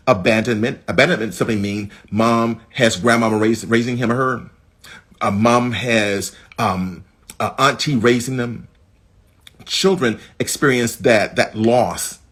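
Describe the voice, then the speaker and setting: A man teaching a livestream class on mental health, talking straight to his audience and jumping up in pitch to stress his points. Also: slightly rough. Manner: animated, leaps up in pitch to stress points, addresses the audience as folk.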